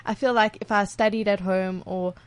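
A woman's voice: medium pitch, steady tone, moderate pace, no room sound. A young woman, talking earnestly about growing through university life. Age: young adult. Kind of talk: casual chat.

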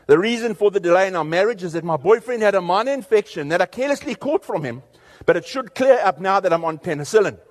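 Man reading as a young woman student's letter home, deadpan, higher-pitched voice. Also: fast talker. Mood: sheepish.

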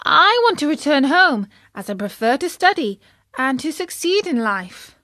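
A woman voicing a wooden puppet boy who sounds high, eager and wavering. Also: very animated, normal speed, sharp tone, exaggerated voice. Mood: pleading.

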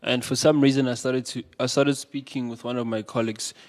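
A young man from South Africa, bantering casually as a radio co-host. He laughs often, cuts himself off, and pushes back when teased. His voice sits at a middle pitch. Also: flat delivery, brisk, darkish tone. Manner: laughing, defensive, trails off mid-sentence.

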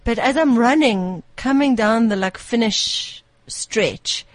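A woman's voice: a little high, slow pace, no room sound. A woman, co-hosting a casual chat show and telling stories animatedly, laughing often. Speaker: co-host.

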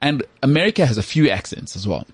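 A South African man co-hosting a sports podcast who works as a voice artist, talking in an animated, opinionated way. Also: mid-range voice, quick pace, slightly rough, dry recording. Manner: animated, opinionated, mimics accents. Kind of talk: casual chat.

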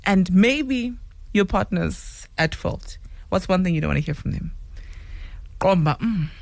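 A woman's voice: lowish voice, expressive, measured pace, creaky, a little mellow, no room sound. A South African woman hosting a radio show, teasing and laughing with callers in a casual chat. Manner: playful, teasing, often laughing. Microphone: studio microphone.

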